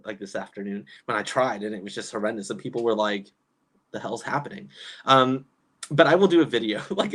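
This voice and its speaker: A young man talks through a casual livestream, reacting to viewer comments as they come in. His pitch moves a lot, and his speech is loose and chatty, full of fillers and false starts. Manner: chatty, animated, lots of fillers and restarts. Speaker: YouTube commentary host.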